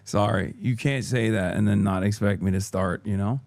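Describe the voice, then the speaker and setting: A man's voice: lowish voice, normal speed, darkish tone, no echo. A man in his thirties, a streamer reading a news article aloud and joking around in casual livestream commentary.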